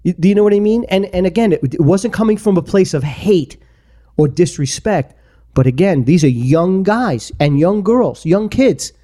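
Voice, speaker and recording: A man's voice: high voice, lively intonation, moderate pace, dark tone. A man co-hosting a podcast, making his point in a rambling, emphatic way full of restarts and repeats. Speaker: podcast co-host. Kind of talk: casual opinionated chat.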